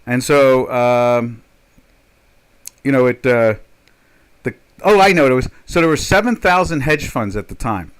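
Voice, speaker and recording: A man's voice: medium pitch, measured pace, long pauses, smooth. An older man chatting casually as a trader on a live stream, rambling and joking, with many fillers and restarts. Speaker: trader hosting a live chat.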